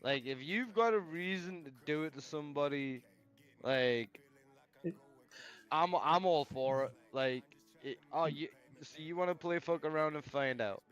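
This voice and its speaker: A man chatting casually on a stream, speaking haltingly and repeating himself. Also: on the high side, fairly bright tone, clear, resonant tone. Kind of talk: casual gaming chat. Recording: dull lo-fi stream audio with faint music.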